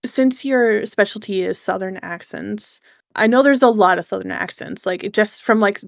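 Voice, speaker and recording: A woman's voice: medium pitch, normal speed, vocal fry, no echo, clean studio sound. A young woman hosting an interview, asking questions casually and filling her speech with "like". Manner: casual, heavy use of "like", curious. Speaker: VTuber host.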